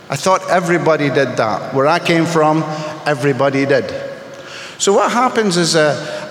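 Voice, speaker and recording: Sharing his own story humorously before an audience at a recovery meeting, a man pokes fun at himself with sharp comic timing. His voice leans high with a fairly bright tone, and the echoey hall recording has faint ambience and a little hiss or hum.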